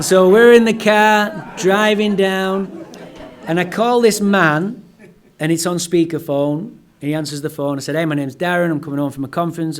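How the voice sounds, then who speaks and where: A man telling his personal story as a guest speaker at a recovery meeting, animated and blunt, with some profanity. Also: a little high. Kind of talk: personal storytelling talk to a live audience.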